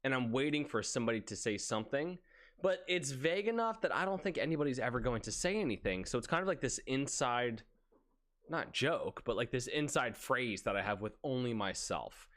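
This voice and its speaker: A man co-hosting a casual podcast chat, acting out quoted phrases as he tells a story. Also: fairly quick. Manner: animated, acts out quoted phrases with big pitch swings. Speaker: podcast co-host.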